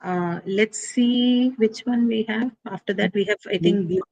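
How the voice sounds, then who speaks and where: A woman's voice: medium pitch, a little slow, a little mellow, muffled recording. A woman teaching a class on English word stress, explaining patiently with many fillers and frequent checks like "right?".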